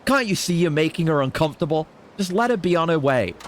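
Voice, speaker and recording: A fiery young biker woman from a video game who shuts people down with cool, cutting remarks, as a man reads her lines in his own voice. The pitch moves in a lively way. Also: quick pace, a little hiss or hum, close to an everyday voice. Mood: defiant. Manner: cutting, confident put-downs.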